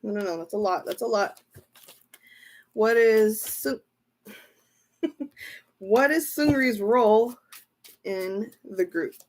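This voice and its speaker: A woman tarot reader in a casual livestream, excitable, exclaiming and repeating herself as she reads cards. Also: mid-range voice, slow pace, long pauses.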